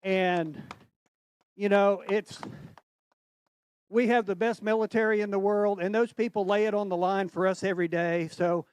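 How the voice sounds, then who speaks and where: Brief: middle-aged man, high voice, earnest and choked up, dry sound. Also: fairly even intonation, normal speed, pauses often, clean tone, no room sound. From Tennessee. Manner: heartfelt, earnest, slightly choked up. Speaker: tournament angler. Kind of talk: on-stage interview.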